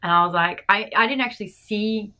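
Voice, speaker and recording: Bright-voiced woman co-hosting. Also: medium pitch, a little fast, lo-fi sound. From Australia. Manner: rambling, laughing, loses her words. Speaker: podcast co-host. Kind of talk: casual chat.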